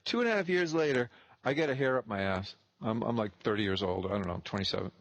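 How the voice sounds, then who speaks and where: A man's voice: on the low side, expressive, quick pace, fairly bright tone, dry recording. A man in his thirties, a real estate investor telling a blunt, profane story and acting out both sides of the dialogue. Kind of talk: casual storytelling.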